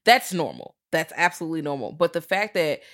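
A woman with a somewhat low voice talks through a movie with her co-host. She is blunt and profane. Her retellings stay animated and loose. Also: fairly quick. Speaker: podcast co-host. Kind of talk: casual film discussion.

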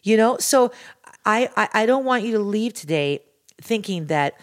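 A woman's voice: mid-range voice, expressive, moderate pace. A woman guest on a podcast, talking in an earnest, rambling, motivational way. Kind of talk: casual podcast chat.

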